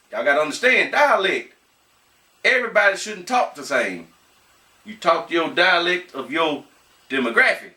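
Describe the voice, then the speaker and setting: A man who runs a small channel, reading news aloud and commenting casually, talking to viewers in a folksy way and slowing and halting as he reads. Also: a little high, sharp tone. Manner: folksy, talks straight to viewers as "y'all". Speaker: small YouTuber. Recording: echoey room, mic at a distance.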